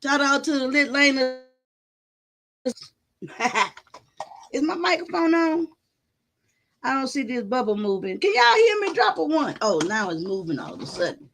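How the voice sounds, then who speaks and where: A woman hosting a casual livestream from her home on her phone, telling a story to her chat in an animated, loud and profane way. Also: sits high, normal speed, pauses often, slight background noise. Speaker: livestream host.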